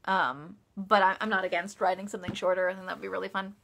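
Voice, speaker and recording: Woman author, casual live-stream Q&A, bright tone, bubbly with lots of laughs and ums. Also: mid-range voice, fairly even intonation, fast, vocal fry, slight background noise. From United States. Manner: chatty, laughs often, many ums and restarts. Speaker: author answering live chat questions. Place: office.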